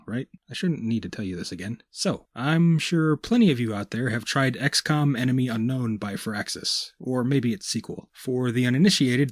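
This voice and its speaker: A man's voice: mid-range voice, dry recording, studio quality. A man hosting a gaming video, delivering a scripted monologue in a casual, sardonic and profane way.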